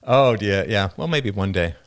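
Animated man with a gravelly voice. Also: on the low side, normal speed, no room sound, clean studio sound. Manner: animated, laughs often, rhetorical questions. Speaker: show host. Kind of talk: casual commentary answering chat.

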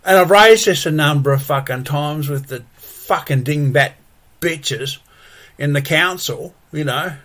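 Man, ranting, constant swearing, exasperated, slightly high voice. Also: unhurried, fairly bright tone. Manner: profane, exasperated, repetitive "you know". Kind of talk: angry solo rant.

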